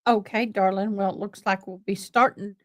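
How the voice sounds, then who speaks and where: A woman's voice: medium pitch, fairly even intonation, normal speed, slight background noise. A woman with a Southern accent from Tennessee and Texas, hosting a casual livestream chat in a folksy, drawling way. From East Tennessee, raised in Louisiana. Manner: folksy, chatty, drawling with playful dialect. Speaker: livestream host.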